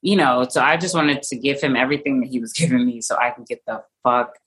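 Very low-voiced young woman, halting. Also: fairly bright tone, low-quality recording. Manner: halting, full of fillers and restarts. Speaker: interview guest. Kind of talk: personal testimony in conversation.

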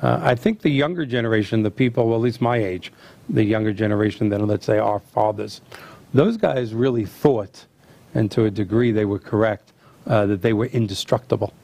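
A middle-aged man hosting a chat, telling family stories and acting out the quotes with lively energy. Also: on the low side, a little fast, creaky. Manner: animated storyteller acting out quotes. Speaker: host. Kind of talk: casual storytelling chat.

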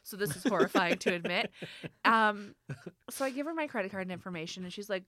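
A woman's voice: mid-range voice, brisk, no echo. A young adult woman casually telling a story, quoting the people involved and laughing as she goes. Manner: animated storyteller, laughs often, quotes people in her own voice. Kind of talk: casual anecdote.

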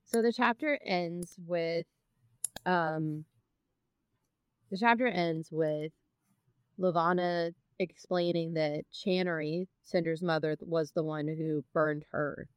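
Low-voiced woman discussing a book. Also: fairly even intonation, slow pace, smooth, no echo. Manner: thoughtful, reads book passages aloud. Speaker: podcast co-host.

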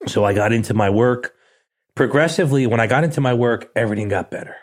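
Talking fast in a medium-pitched voice, this middle-aged interview guest spins a story with blunt street talk. He's an animated storyteller who performs the dialogue he quotes.

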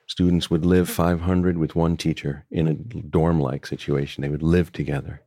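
An older man, a book author talking as a guest, speaking in a thoughtful, measured way with frequent restarts. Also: a bass voice, level tone, warm tone, dry recording, studio quality. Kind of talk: reflective conversation.

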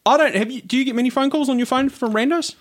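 A man's voice: extremely high pitch, fast. A podcast co-host from New Zealand chatting casually, laughing often and acting out phone calls as he tells them. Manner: storytelling, laughs a lot, acts out calls. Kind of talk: casual chat.

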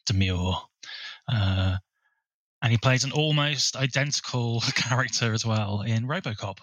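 A man co-hosting a film podcast, measured and informative, steering the conversation. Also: medium pitch, fairly bright tone, dry recording. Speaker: podcast co-host. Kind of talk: casual film chat.

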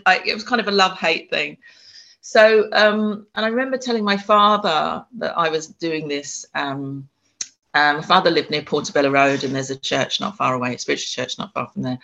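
Halting woman telling her story. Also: deep voice, sharp tone. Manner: halting, many restarts and ums. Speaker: author and spiritual medium. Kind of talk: casual interview storytelling.

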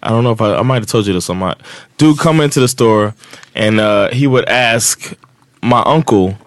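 A man's voice: lowish voice, normal speed, dry recording. A man from Miami in his forties, a podcast co-host telling a story in a loose, profane way with frequent laughs. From Miami, USA. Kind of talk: casual storytelling.

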